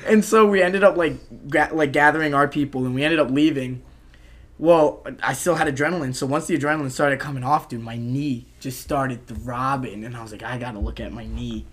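A young man telling a rowdy story on a casual podcast, animated, swearing and saying "dude" a lot. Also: mid-range voice, brisk.

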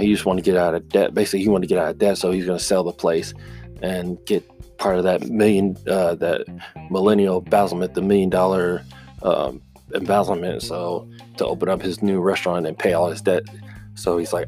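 A young adult man with a very low, deep voice casually walks through the plot of a drama series. He rambles, doubles back and fills pauses with "uh" and "like," while faint guitar music plays underneath. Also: steady tone, gravelly, a little mellow. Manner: rambling, full of fillers and restarts. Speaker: show recapper.

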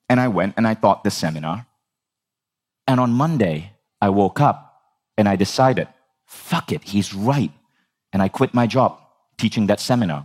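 A man in his forties telling his life story with animated, humorous energy. His voice sits a bit low, and he drops the occasional swear word. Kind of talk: storytelling talk.

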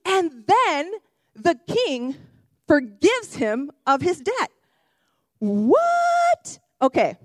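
A young woman who works in kids ministry, preaching a sermon in an animated, chatty way, correcting herself and breaking into excited shouts. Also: high voice, slow pace, dry recording, clean studio sound. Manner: self-correcting, chatty asides.

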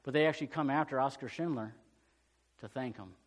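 A middle-aged male pastor preaching a sermon, swinging from loud, urgent peaks to hushed storytelling. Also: mid-range voice, fairly quick.

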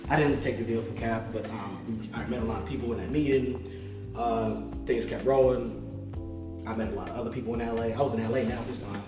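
A man telling a long story in a casual, animated way, full of slang and laughs. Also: mid-range voice, brisk. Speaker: musician guest. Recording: echoey room, distant mic, music behind.

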